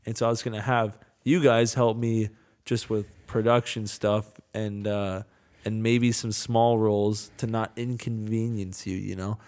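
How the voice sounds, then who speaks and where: A man's voice: lowish voice, little pitch movement, a little slow, a little mellow. A young man co-hosting a casual podcast, telling a rambling, jokey story full of "dude" and "man". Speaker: podcast co-host. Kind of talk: casual chat.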